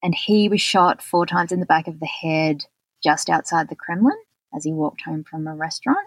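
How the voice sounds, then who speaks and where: A woman's voice: sits low, moderate pace, dry recording. A woman co-hosting a podcast, chatting casually and running through a list of facts with fillers. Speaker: podcast co-host. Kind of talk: casual chat.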